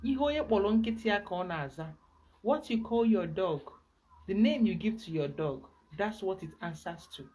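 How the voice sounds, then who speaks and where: A woman with a Nigerian accent, a spiritual guide giving an emphatic, animated teaching talk. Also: medium pitch, moderate pace, breathy edge.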